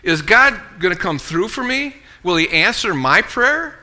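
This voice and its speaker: A man's voice: sing-song, unhurried. A man preaching a sermon as pastor, calling for "amen" and having the congregation repeat after him. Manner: preaching with call-and-response, frequent "amen" and "okay"; reads scripture aloud in a lower, softer voice.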